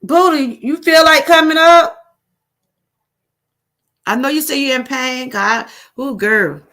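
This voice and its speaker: Livestream host, middle-aged Southern woman, slightly high voice, loose rambling talk that circles back to its point. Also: takes it slowly, fairly bright tone. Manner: rambling, repetitive, addresses viewers as y'all. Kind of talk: casual live-stream chat.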